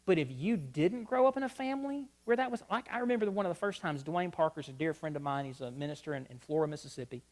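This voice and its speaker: Man, middle-aged, speaker at a church marriage conference, a lively storyteller who plays every part in his anecdotes. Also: a little high, fast talker, hardly any pauses. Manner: lively storyteller, acts out both sides of dialogues. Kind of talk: humorous church conference talk. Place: church sanctuary before a live audience.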